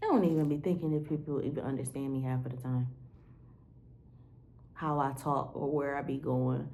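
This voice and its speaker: Her pitch is extremely low, her tone steady and warm, her pace moderate. The woman, a vlogger, rambles candidly to the camera in diary fashion, using lots of "like" and swearing casually.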